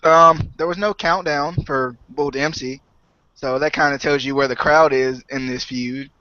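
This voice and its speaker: A man's voice: on the high side, fairly even intonation, a little slow, sharp tone, no echo. A man co-hosting a podcast, chatting in a hesitant, jokey, self-deprecating way. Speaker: podcast co-host. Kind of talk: casual podcast chat. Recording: dry, dull lo-fi audio.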